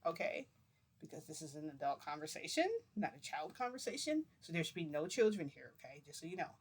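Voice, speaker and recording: A woman's voice: low voice, very animated, fast, slightly rough. A woman vlogger telling a story to camera in a rambling, chatty way, with fillers and laughs.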